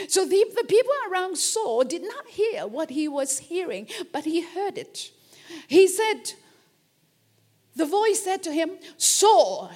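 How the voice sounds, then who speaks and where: A woman preaching a sermon in a high, lively voice that climbs and falls all over the place. She takes her time, repeating phrases for emphasis and dropping in amens as she goes.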